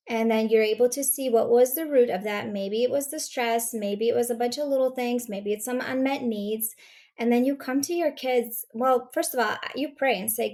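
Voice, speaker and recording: Gravelly, higher-voiced woman coach. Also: a little mellow. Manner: earnest, reassuring, speaks in measured phrases. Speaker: guest, anger coach for mothers. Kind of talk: podcast interview conversation.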